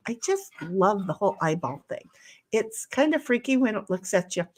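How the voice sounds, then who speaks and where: A woman's voice: mid-range voice, very animated, moderate pace, darkish tone. A middle-aged woman hosting a livestream from home, chatting casually and rambling while reading chat aloud. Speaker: livestream host.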